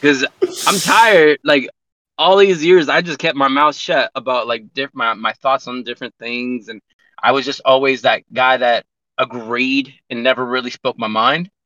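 Casual podcast talker: a man with a forceful, bright voice, candid and profane, on a dull, dry recording. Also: medium pitch, fairly even intonation, normal speed, no echo. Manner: candid, profane, rambling with many restarts. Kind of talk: casual chat.

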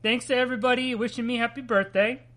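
A man's voice: very high-pitched, fairly even intonation, fast talker, bright, forceful tone. A man from New Jersey hosting a podcast, chatting casually with crude, profane jokes. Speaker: podcast host.

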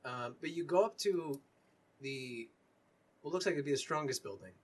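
A man narrating as game master in a tabletop game, talking casually and haltingly with many fillers. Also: a little high, expressive, slightly rough.

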